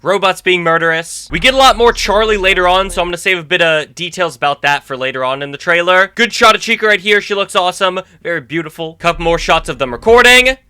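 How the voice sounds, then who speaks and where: Man, YouTube host, trailer breakdown commentary, very bright sharp voice, chatty and eager. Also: high voice, lively intonation, fast, few pauses, clear, resonant tone. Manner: chatty and enthusiastic, thinking aloud.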